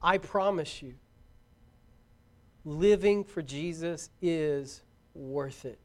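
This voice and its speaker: A middle-aged man preaching a sermon to young people, fervent and shouting out his exhortations. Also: on the high side, slow pace.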